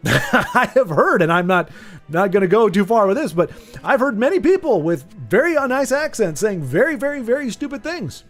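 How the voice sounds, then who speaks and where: High-voiced rambling American streamer. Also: male voice, very animated, normal speed, soft background music. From United States. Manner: rambling, chatty, lots of restarts, reads chat aloud. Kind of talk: casual chat while gaming.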